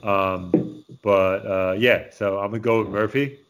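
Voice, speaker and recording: Man, low voice, hesitant, many fillers, casual chat. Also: fairly even intonation, unhurried, a little hiss or hum.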